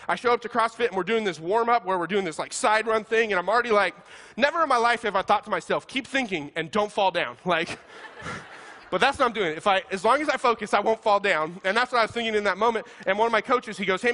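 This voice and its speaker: Male pastor, bright and forceful tone, animated comic sermon storyteller. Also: sits high. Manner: animated, self-deprecating, laughs while talking.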